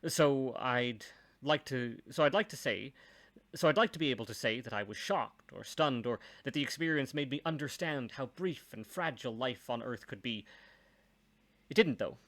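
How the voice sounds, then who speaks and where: A man's voice: medium pitch, lively intonation, normal speed, a bit bright. A man reading a first-person story aloud, with dry, wry asides.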